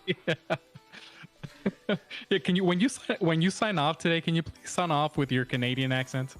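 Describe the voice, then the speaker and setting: A woman's voice: low voice, fast, few pauses, soft background music. A woman guest on a casual podcast, giggly and hesitant, often stumbling over her words. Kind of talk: casual chat.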